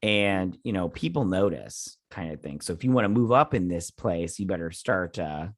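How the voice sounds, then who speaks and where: A man's voice: deep voice, animated, normal speed, dry recording. Rambling male TV reviewer, dry sound. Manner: rambling, filler-heavy, paraphrasing scenes; sipping coffee early in the morning. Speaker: host reviewing a TV episode. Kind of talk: casual episode recap.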